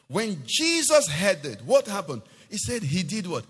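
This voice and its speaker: A man preaching a sermon in a church, emphatic, asking his congregation questions and now and then singing a phrase or rising to a shout. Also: sits high, wildly swooping pitch, measured pace, hardly any pauses, breathy edge. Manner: sings some phrases, rises to shouts. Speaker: pastor. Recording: long hall reverb.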